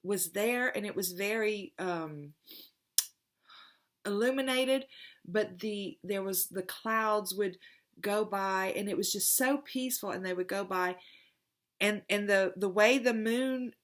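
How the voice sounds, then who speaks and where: A woman's voice: mid-range voice, takes it slowly. A middle-aged woman, a tarot reader telling a personal story in a rambling, heartfelt, emotional way in a casual spiritual vlog.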